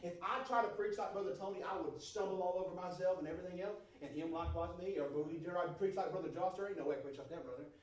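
A man preaching a sermon to a congregation, moving from quiet, steady talk to loud, fervent shouting. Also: high voice, very fast, few pauses, far from the mic. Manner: builds from soft to shouting fervor. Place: church service. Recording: roomy church sound from off-mic. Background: congregation responses.

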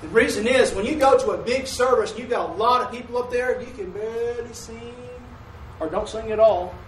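A man's voice: extremely high pitch, a little fast, slight background noise. A man preaching a folksy sermon with call-and-response, recorded in a church sanctuary from a distant mic. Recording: echoey room from a distant mic.

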